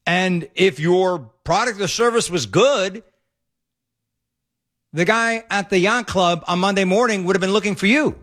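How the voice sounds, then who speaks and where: Animated high-voiced radio host. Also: male voice. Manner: opinionated, animated, laughs often. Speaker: radio talk show host. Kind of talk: talk radio monologue. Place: radio studio.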